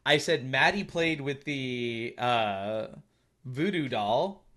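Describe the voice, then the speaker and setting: A man's voice: mid-range voice, slow pace, fairly bright tone. A male game streamer chatting casually while playing, thanking viewers and teasing his friends. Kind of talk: casual live-stream chat while gaming.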